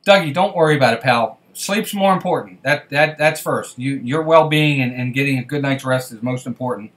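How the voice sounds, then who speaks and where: A man's voice: medium pitch, fairly quick, a bit bright. Chatty man hosting a live stream. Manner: chatty, greets viewers by name as he reads the live chat; friendly, reassuring tone with viewers. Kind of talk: casual live-stream chat.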